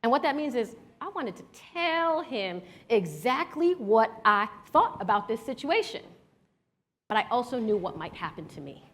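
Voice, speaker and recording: A lively, chatty woman from Washington, D.C. leads a live breathwork workshop, guiding each breath step by step and weaving in a story while addressing the crowd directly with an easy "y'all." Her voice is a little high for a woman, and she speaks at a moderate pace.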